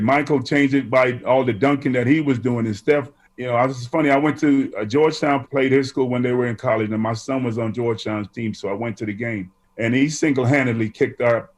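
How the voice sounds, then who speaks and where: Reflective male ex-player in an interview clip. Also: mid-range voice. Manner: reflective, with many restarts. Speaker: former basketball player interviewed.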